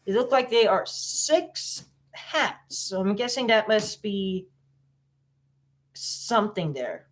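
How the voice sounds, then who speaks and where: A woman's voice: medium pitch, slight background noise. A woman giving casual reaction commentary on a video, rambling and guessing aloud with many fillers.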